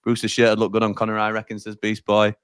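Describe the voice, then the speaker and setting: A man's voice: on the low side, monotone, quick pace, clean tone, no echo, clean studio sound. A man from Sheffield hosting a fan watch-along stream, chatting casually and reading out viewer comments with frequent laughs.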